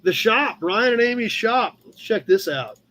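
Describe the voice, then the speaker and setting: A Midwestern American man hosts a casual live-stream chat, his voice pitched high. He rambles easily through viewers' posts, sprinkling in fillers and thanking people by name. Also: expressive, measured pace, pushed and bright. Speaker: host of a live car-hobby chat show. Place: home room with a cat nearby.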